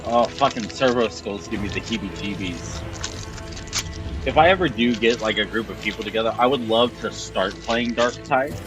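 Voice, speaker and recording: Laid back guy streaming a game, swears a lot, lowish voice, music under it. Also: normal speed, poor audio. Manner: casual, profane, self-mocking. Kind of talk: casual gameplay commentary. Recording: game music playing behind.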